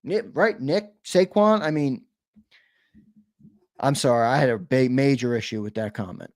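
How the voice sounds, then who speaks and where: A man's voice: mid-range voice, moderate pace, no echo, studio quality. A man co-hosting a sports talk show, arguing his takes bluntly and repeating his point. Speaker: sports podcast co-host. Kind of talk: heated sports talk chat.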